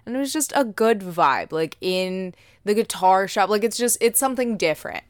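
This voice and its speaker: A woman guesting on a casual podcast, relaxed and easygoing. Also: mid-range voice, normal speed, no room sound, clean studio sound.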